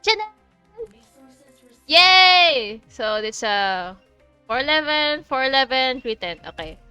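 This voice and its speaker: A woman's voice: fairly high pitch, animated, normal speed, bright, forceful tone, clean tone, no room sound, soft background music. A woman from the Philippines with a Filipino accent, chatting casually while streaming a game, laughing often and swearing freely. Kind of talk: casual chat while playing.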